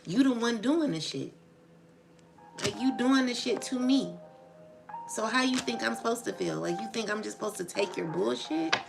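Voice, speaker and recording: A woman's voice: fairly high pitch, lively intonation, normal speed, gravelly. A woman streaming live, ranting in agitated, profane casual slang and often asking "you know what I'm saying". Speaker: tarot channel livestreamer. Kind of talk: emotional livestream rant. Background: background music.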